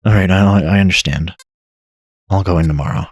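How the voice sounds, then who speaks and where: A man voicing an obsessed, grieving middle-aged father in a horror game, talking low and weary. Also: brisk, breathy edge, no room sound, studio quality. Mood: guarded.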